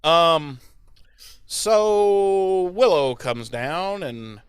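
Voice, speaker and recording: Animated man, swinging lively pitch. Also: drawn-out words, smooth, no echo, studio quality. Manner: animated, profane, mocks characters in put-on voices. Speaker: podcast co-host. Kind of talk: casual recap chat.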